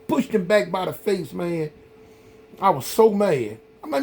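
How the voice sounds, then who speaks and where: A middle-aged man hosting a vlog, telling a story in a casual, rambling, animated way, full of "man" and "y'all". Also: sits high, a little slow, gravelly. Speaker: vlog host.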